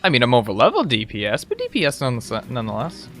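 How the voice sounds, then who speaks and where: A man's voice: mid-range voice, wildly swooping pitch, racing, fairly bright tone, soft background music. A man giving casual, playful gameplay commentary as a streamer, reacting with laughter. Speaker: gaming streamer.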